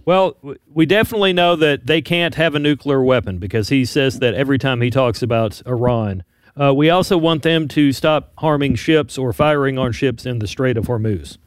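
A man delivers news on a talk radio show with a crisp, resonant voice. His manner is brisk and lightly wry. The studio sound is close and dry. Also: medium pitch, dry recording.

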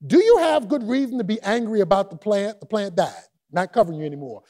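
A preacher putting on the voice of God, calm and patient. He speaks lower and slower than the rest of the sermon, in measured, probing questions. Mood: questioning. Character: calm, patient divine male voice.

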